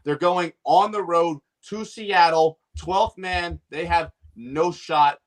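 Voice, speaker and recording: With a fairly high voice and a slow pace, a man running a sports betting podcast brashly rants through his picks, sounding cocky and punchy and leaning on catchphrases.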